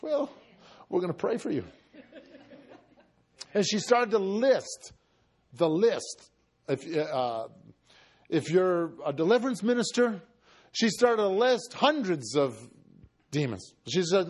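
A man preaching, telling a story in a conversational way and acting out the dialogue, shifting between loud and hushed. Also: high-pitched, very animated, slow pace, long pauses. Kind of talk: storytelling sermon.

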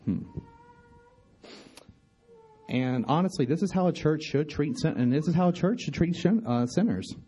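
A man giving an informal bible study talk, halting with many restarts and fillers, often asking his listeners questions. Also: on the high side, lively intonation, dark tone, husky. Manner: conversational, asks listeners questions. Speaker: bible teacher.

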